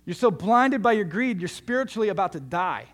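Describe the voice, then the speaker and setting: An exasperated male donkey scolds its rider in plain slang, as a preacher puts him on. The voice sits a bit higher than usual and pushes hard. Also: lively intonation, a little fast, a bit bright. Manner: pleading, casual slang.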